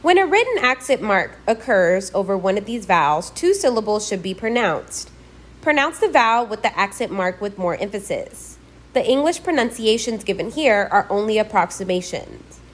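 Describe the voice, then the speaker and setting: A woman reading a scripted pronunciation lesson, slowly and deliberately modelling each sound for learners. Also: mid-range voice, sing-song. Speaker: language teacher.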